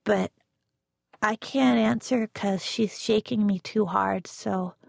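Slow, gravelly woman narrating a novel. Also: medium pitch, darkish tone, no echo, studio quality. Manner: measured, unhurried reading. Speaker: audiobook narrator. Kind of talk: first-person novel narration.

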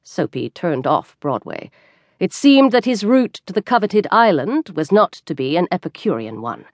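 A woman narrating a classic short story as an audiobook, with expressive, lively storytelling. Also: fairly low pitch, normal speed, no echo.

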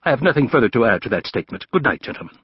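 A man voicing a weary, proud land surveyor in an audiobook, speaking calmly and softly. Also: mid-range voice, rapid-fire, breathy edge, no echo, lo-fi sound. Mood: cool. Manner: calm, soft-spoken, dry.

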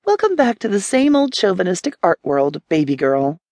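A woman's voice: lowish voice, big pitch swings, moderate pace, darkish tone, no room sound. A woman narrator voicing a prickly, defensive young woman artist in an audiobook, snapping back with sarcasm. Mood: snappy, sarcastic. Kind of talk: audiobook character voice.

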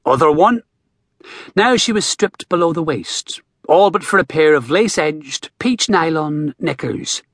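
A man narrating a novel as an audiobook, in an expressive storytelling manner. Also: a little high, unhurried, hardly any pauses, no echo, clean studio sound. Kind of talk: scripted narration.

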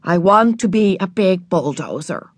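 A woman's voice: high voice, lively intonation, brisk, dry recording, pitched above the performer's own voice. A woman voicing a prim, patient older sister, about nine, who sounds worn out and cross with her little sister. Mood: exasperated. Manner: exasperated, prim.

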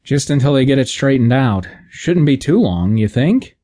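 A man's voice: mid-range voice, very animated, moderate pace, dark tone, voice pushed up. A man voicing an ordinary adult man newly arrived somewhere strange in an audiobook, answering in a terse, noncommittal way. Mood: resigned. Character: resigned everyman newcomer, adult man, laconic. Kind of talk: audiobook character voice.

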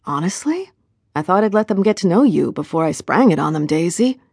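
A woman's voice: lowish voice, animated, normal speed, a little mellow, slightly rough, no room sound, studio quality. A woman voicing a charming, easygoing young man in an audiobook, affectionate and teasing. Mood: earnest. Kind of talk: audiobook character voice.

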